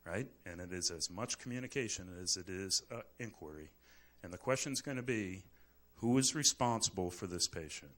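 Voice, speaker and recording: A middle-aged man, a physician, giving a lively live lecture with a demonstration and acting out little scenes as jokes. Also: lowish voice. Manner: animated, jokey, acts out little scenes. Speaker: physician teaching at grand rounds. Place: hospital lecture hall. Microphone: moves on and off the microphone.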